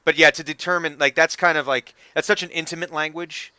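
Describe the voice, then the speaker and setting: Casting: man as a chatty game master, bright and clear, dry room sound. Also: fairly high pitch, fairly even intonation, brisk, no echo. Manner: casual, filler-heavy, laughing often. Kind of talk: narrating a tabletop game.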